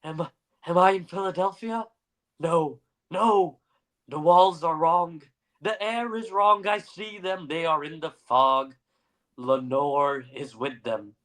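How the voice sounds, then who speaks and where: A man's voice: a little high, takes it slowly, fairly bright tone, voice pushed up. A man doing a haunted, delirious dying poet. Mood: confused. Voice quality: trembling, rasping. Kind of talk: dramatic storytelling reading.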